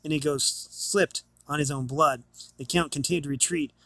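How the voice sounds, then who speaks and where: A man's voice: on the high side, steady tone, normal speed, fairly bright tone, no room sound. Man reading a novel aloud. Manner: plain reading with small restarts. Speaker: reader.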